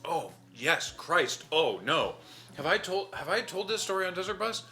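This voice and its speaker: Bright-voiced, animated male host. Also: high-pitched, moderate pace, faint music behind. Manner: animated, chatty storyteller who laughs easily; talks while eating. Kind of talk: casual chat on a charity stream.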